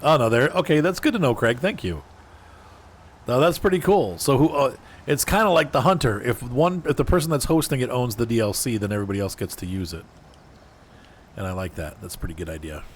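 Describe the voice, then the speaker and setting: A man's voice: mid-range voice, animated, fairly quick. A man streaming a driving game, chatting casually and answering viewers in chat by name as he plays. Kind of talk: casual gameplay commentary.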